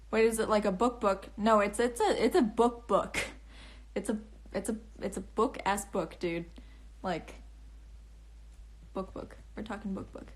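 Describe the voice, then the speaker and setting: Giggly young woman on a slow livestream. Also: medium pitch, expressive. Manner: bubbly, giggly, rambling with many restarts. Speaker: livestream host and author. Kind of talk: casual livestream chat answering comments. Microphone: phone camera.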